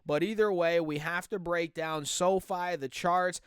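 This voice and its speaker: A man's voice: sits high, fairly even intonation, measured pace, smooth, no room sound, clean studio sound. A man with a stuffy, nasal voice from allergies, chatting energetically about the stock market and speaking straight to his viewers. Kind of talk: casual market commentary.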